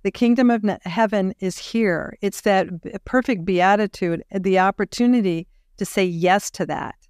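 A woman hosting a podcast interview, speaking in a reflective, measured way as she thinks aloud. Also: medium pitch, darkish tone, no echo, clean studio sound. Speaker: podcast host.

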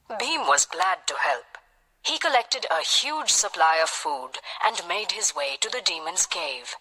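A woman narrating a children's storybook tale in a lively storytelling manner. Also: lowish voice, unhurried. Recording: long hall reverb.

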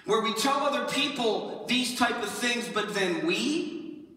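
A man preaching a sermon in a casual, animated way, often acting out the lines he quotes. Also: very high voice, measured pace. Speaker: pastor. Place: church sanctuary. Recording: echoey church hall from far off.

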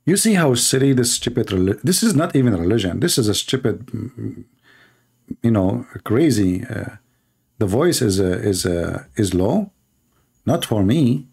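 A man's voice: on the low side, sing-song, unhurried, vocal fry, a little mellow, husky. A man hosting a live stream, mocking and sarcastic, in broken English. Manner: sarcastic, mocking, non-native English grammar. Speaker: debate stream host.

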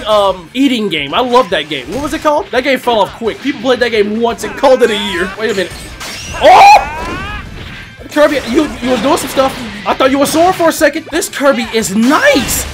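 A man with a high, lively voice rattles off slang-filled commentary while he plays a fighting game. He jumps from loud outbursts to laughter, his pitch swinging constantly. Bouncy game music plays loudly behind him. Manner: excitable, shouting and laughing, heavy slang. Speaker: gaming YouTuber. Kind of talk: excited gameplay commentary.

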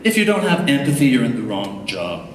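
An Irish tech coach gives a humorous conference talk to an audience in a large hall, recorded from far off with lots of echo. His medium-pitched voice is sing-song and a little fast, and he jokes and chats with plenty of fillers.

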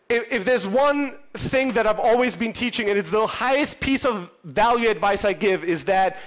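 High-pitched guy on a conference stage, swearing a lot, acting out every line of dialogue. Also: a bit bright. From Europe. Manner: profane, punchy, acts out dialogue. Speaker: conference speaker. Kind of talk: animated storytelling keynote.

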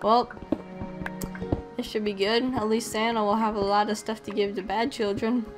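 A woman's voice: mid-range voice, level tone, moderate pace, music in the background. A young woman chatting playfully while playing a video game, greeting the animals she meets. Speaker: gamer. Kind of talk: casual game commentary.

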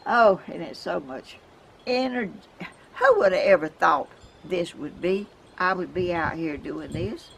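A woman's voice: on the low side, very animated, a little slow, vocal fry. An older woman from Georgia with a Southern accent, chatting casually and rambling in a folksy way outdoors in her yard. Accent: Southern American. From Georgia, USA. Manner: rambling, folksy, chuckling asides. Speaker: vlogger. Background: wind chimes and outdoor ambience.

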